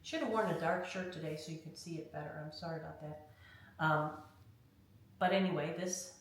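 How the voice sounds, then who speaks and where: A woman with a deep voice talks a little fast as she guides a hands-on craft tutorial, chatting through every step and often adding "okay?" The sound is very echoey, with the mic far off and faint noise in the background.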